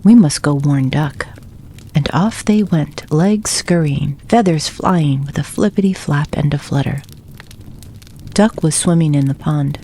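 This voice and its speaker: A woman reading a children's storybook aloud for bedtime, soft and gentle. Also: low voice, unhurried, slightly rough. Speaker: narrator.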